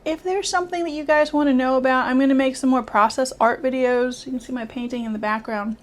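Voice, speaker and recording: A middle-aged woman talking from the heart to her viewers in a personal vlog, halting and earnest, often restarting and close to tears at times. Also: sits high, fairly even intonation. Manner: earnest, halting, with many restarts and soft laughs. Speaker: art YouTuber and children's author. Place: home studio with painting behind.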